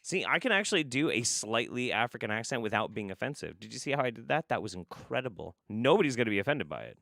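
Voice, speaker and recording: A man's voice: mid-range voice, very animated, fast, gravelly, sharp tone, dry recording, studio quality. A man hosting a live stream, reacting to videos with sarcastic, rambling, profane commentary. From United States.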